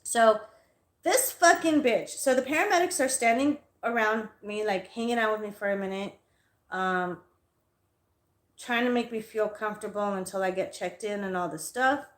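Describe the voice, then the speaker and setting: A woman's voice: mid-range voice, normal speed. A woman hosting a live stream and telling an angry story in a heated, profane rant. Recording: echoey room.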